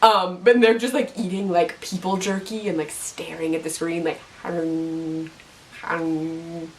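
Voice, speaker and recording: A woman hosting a casual video recap, chatty and excitable, full of "like" and "um". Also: fairly low pitch, normal speed, recorded from a distance, a little hiss or hum. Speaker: YouTube TV recap host. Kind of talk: casual chat.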